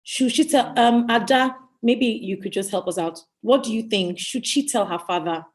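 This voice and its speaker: Woman host, chatty, steers the panel with questions, mid-pitched. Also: moderate pace. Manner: chatty, asks guests for opinions. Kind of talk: hosting a live online talk show.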